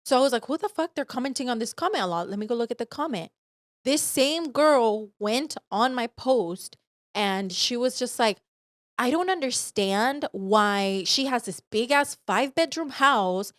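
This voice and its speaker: A young woman co-hosting a podcast, telling a story in animated, profane casual chat and acting out the voices she quotes. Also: a little high, moderate pace, dry recording, studio quality. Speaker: podcast co-host. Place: podcast studio.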